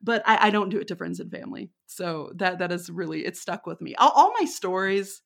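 A woman's voice: fairly low pitch, expressive, fairly quick, gravelly. A woman from Texas with a Texan accent, a podcast guest telling stories in a casual, chatty way, laughing often and filling her talk with fillers. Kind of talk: casual storytelling.

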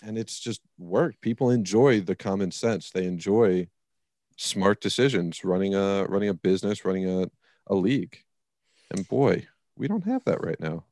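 A man's voice: low voice, animated, moderate pace, a little mellow, dry recording, clean studio sound. A man co-hosting a casual sports podcast, talking in a rambling, emphatic way. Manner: rambling, emphatic, swears when worked up. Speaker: podcast co-host.

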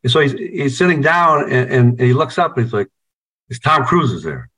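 A laid-back man from the United States talks over a video call with a mid-range voice. He swears freely and tells his stories with animated energy, in a casual interview chat. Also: medium pitch, normal speed, rough recording. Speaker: band member.

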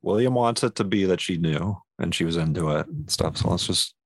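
A man's voice: low voice, fairly quick, breathy edge, no room sound. A man co-hosting a podcast in casual comedic banter, laid-back and teasing, often laughing. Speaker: podcast co-host.

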